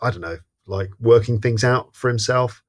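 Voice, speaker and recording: A man appearing as a podcast guest, chatting casually about a film in a thoughtful, hesitant way, often pausing to search for words. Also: medium pitch. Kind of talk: casual film-discussion chat.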